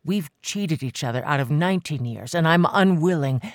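A reader voicing a determined man who speaks calmly and firmly, refusing to back down. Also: normal speed, no echo, clean studio sound, lightly acted. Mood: calm, insistent. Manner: calm, firm, low-key. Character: determined man, calm, insistent, devoted. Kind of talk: audiobook character voice.

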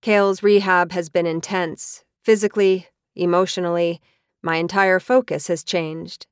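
A woman's voice: fairly low pitch, steady tone, unhurried, clear, resonant tone, no echo, clean studio sound. A woman reading a first-person audiobook in an earnest, reflective way, acting out the dialogue. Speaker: audiobook narrator.

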